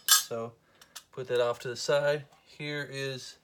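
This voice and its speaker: A man's voice: medium pitch, little pitch movement, slow pace, sharp tone, smooth. A man giving a casual, joking how-to tutorial, talking to the camera while he works. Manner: joking, self-deprecating, talks while working. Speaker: collector demonstrating belt cleaning.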